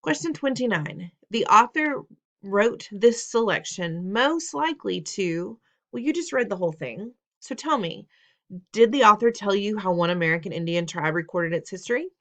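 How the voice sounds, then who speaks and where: In a recorded test-prep lesson, a woman teacher patiently guides students through reading test questions, repeating steps, quizzing them, and teasing playfully. Her medium-pitched voice is a little bright, with lively intonation at a normal speed.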